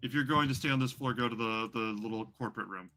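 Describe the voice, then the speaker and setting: Game master, male, rambling narration, bright tone. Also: mid-range voice, fast talker. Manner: rambling, many fillers. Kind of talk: running a tabletop game.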